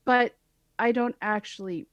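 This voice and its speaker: A woman's voice: on the high side, unhurried, no room sound, muffled recording. A woman co-hosting a casual science podcast as an astronomer, explaining with wry, sarcastic asides. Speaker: co-host, astronomer.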